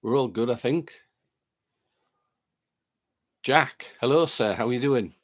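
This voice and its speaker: Fairly quick and mid-range, the man's voice carries a relaxed live stream where he greets viewers by name and reads their comments aloud. A lingering chest cold is still with him.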